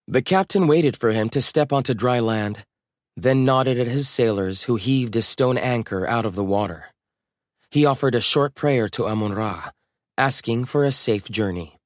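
A man reading a children's adventure story aloud in a calm, even storytelling manner. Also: medium pitch, moderate pace, no room sound, clean studio sound. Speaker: narrator. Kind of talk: storybook narration.

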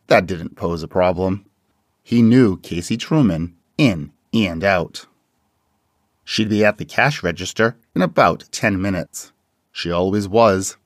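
A man reading a dark story aloud in slow, measured scripted narration. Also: on the low side, dry recording, clean studio sound.

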